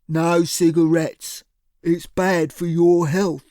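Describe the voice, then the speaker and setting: A man voicing a huge, blunt thug who barks his words slowly and heavily, in an audiobook. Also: on the high side, level tone, warm tone, dry recording, studio quality. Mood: gruff. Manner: slow, heavy, barking delivery. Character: huge, slow-witted thug, gruff and blunt. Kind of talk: audiobook character voice.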